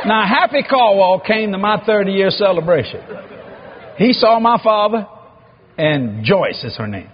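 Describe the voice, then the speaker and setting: Pastor in his fifties, lively storyteller, acts out every voice, high and swooping, dull lo-fi sound. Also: a little slow, slight background noise. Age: 50s. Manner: animated, acts out dialogue, laughs often. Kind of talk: storytelling sermon.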